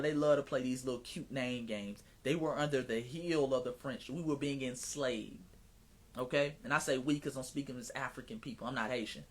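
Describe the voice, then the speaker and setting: A man hosting a live stream, talking in a casual, animated, preacher-like cadence and sometimes slipping into mocking voices. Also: a little high.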